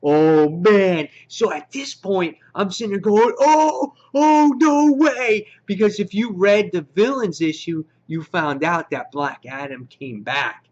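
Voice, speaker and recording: A man giving a casual, slangy spoken review of a comic book, excitable and quick to act out his own reactions. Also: fairly high pitch. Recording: dull lo-fi recording.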